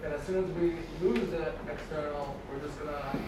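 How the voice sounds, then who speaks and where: Brief: man, somewhat high voice, far off in a roomy space with noise. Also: fairly even intonation, moderate pace. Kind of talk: conversational discussion. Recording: distant, echoey with background noise.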